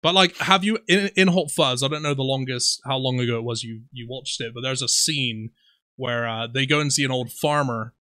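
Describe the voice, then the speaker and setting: A man's voice: medium pitch, moderate pace, no room sound, clean studio sound. A man in his twenties with a Somerset West Country accent, animatedly telling stories in a casual podcast chat, swearing freely. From Somerset, England. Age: 20s. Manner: animated storyteller, swears freely, laughs often. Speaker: podcast co-host.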